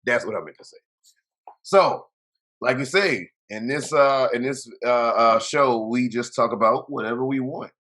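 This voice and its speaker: Bright-voiced young podcast host. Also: male voice, medium pitch. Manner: quick, loose and profane, with restarts. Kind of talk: casual chat.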